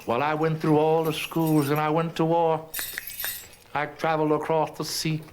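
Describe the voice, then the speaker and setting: A man performing a rhythmic, rhyming story, swooping between soft and loud in a sing-song way. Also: on the high side, level tone, normal speed, slight background noise.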